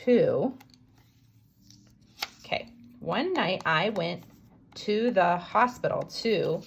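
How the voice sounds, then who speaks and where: Slow, gravelly teacher sounding out words. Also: female voice, lowish voice, lively intonation, a little hiss or hum. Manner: slow, stretched-out sounding out of letters and syllables. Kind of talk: modeling sentence writing for young students.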